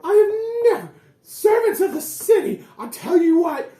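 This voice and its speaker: A man voicing an indignant, blustering official who sputters and shouts threats. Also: extremely high pitch, big pitch swings, normal speed, echoey room, voice pushed up. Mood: outraged.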